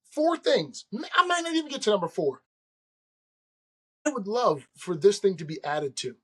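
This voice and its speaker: A man's voice: high-pitched, big pitch swings, normal speed, pushed and bright, slightly rough. A man hosting his own podcast, talking straight to listeners in an earnest, conversational way and laughing off his own slip-ups. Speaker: podcast host. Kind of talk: solo podcast monologue.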